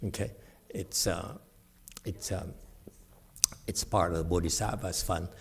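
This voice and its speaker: A middle-aged man giving a dharma talk with questions and answers, animated, laughing and acting out quoted voices. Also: low voice, unhurried, creaky, breathy edge. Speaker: meditation teacher.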